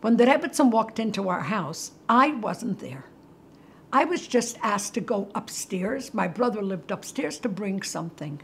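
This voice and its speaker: An older woman hosting from her kitchen, telling a story with animation and hushed near-whispers. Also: medium pitch, big pitch swings, a little slow, slightly rough. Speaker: host. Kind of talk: storytelling talk to viewers. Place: home kitchen.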